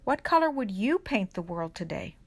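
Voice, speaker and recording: A woman reading a children's picture book aloud at a church service for kids, gentle and unhurried, pausing to put questions to the children. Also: mid-range voice, very animated, husky. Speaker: reader at a children's worship service.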